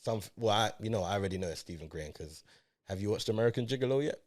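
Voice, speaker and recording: Young dude chatting films, chill, voice goes up and down a lot. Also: male voice, fairly low pitch, animated, racing. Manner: laid-back, lots of "yeah, yeah, yeah". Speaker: film review podcast co-host. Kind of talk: casual chat.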